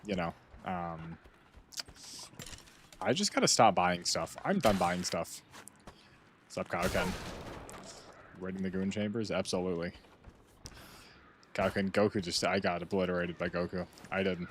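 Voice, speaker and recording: A man's voice: deep voice, unhurried, long pauses, slight background noise. A young American man streaming a game, rambling and joking casually as he plays. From United States. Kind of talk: casual gameplay commentary.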